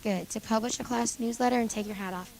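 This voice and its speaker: A woman teacher going over grammar exercises with a junior high class, calling on students by name and confirming their answers. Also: fairly even intonation, fast, gravelly, noisy background. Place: school classroom.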